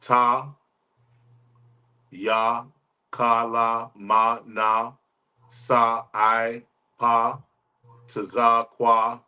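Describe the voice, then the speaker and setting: Male student reciting letters: very slow, flat, bright, crisp tone. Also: mid-range voice. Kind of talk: reciting the alphabet aloud.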